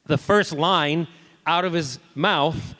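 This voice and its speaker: A man answering fan questions as a convention panel guest, telling lively anecdotes and acting out the dialogue. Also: a little high, slow. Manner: animated, acts out quoted dialogue.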